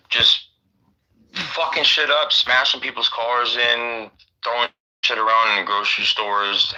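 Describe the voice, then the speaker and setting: Rambling man, low-pitched and very bright. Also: rough recording. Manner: rambling, profane, many fillers. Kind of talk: casual chat.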